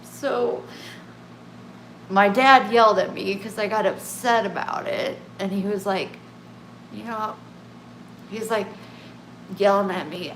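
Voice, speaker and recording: Talking to the camera in a meandering way, this woman keeps cutting herself off and starting over while being open about herself. She uses a mid-range voice at a slow pace with long pauses, and the echoey room carries faint ambience and slight background noise.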